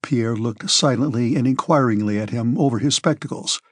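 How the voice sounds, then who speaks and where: A male audiobook narrator reads a classic novel in a measured, steady way. His voice has a breathy, husky edge and sits in a middle pitch. The recording is dry and close-miked. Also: no echo.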